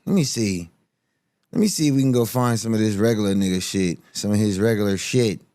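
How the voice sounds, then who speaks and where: A man's voice: lowish voice, brisk, dark tone, no echo, clean studio sound. A man hosting a stream, reacting to music clips in blunt, profane, mocking casual commentary. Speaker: host reacting to music videos.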